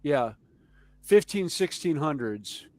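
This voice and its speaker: A man with a Southern US accent telling stories in a casual chat, animated and chuckling as he goes. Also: fairly high pitch, takes it slowly, no echo. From Southern United States. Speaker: podcast co-host.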